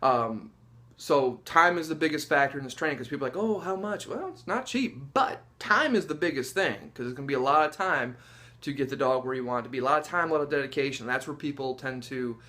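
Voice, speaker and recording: A man's voice: mid-range voice, fast, pushed and bright. A man working as a dog trainer, talking casually to the camera about training and testing dogs. He acts out dogs' and people's reactions with gasps and laughs. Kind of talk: casual instructional talk to camera.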